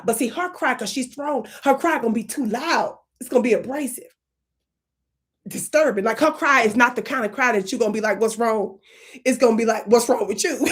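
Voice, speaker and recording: Sex: woman. Role: channel host. Style: comedic livestream coaching. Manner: animated, playful, swings into whispers. Pitch: fairly high. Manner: animated and playful, with sudden whispers and drawn-out words.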